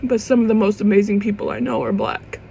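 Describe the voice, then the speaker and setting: Talking fast in a warm, medium-pitched voice with vocal fry and fairly even intonation, this young woman addresses her camera in an emotional monologue. She rambles, starts over, swears casually and holds back tears. The rough recording carries some hiss or hum.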